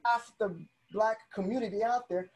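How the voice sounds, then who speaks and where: Over a loud crowd, a young podcast host in casual conversation tells stories animatedly, acting out the people he quotes. His voice sits high, and he keeps a moderate pace.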